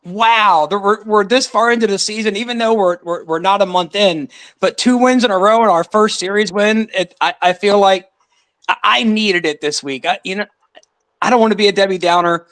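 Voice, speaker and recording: A man's voice: high-pitched, normal speed, a bit bright. A man calling in to a fan show, friendly and rambling with many restarts. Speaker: caller. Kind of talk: casual call-in chat.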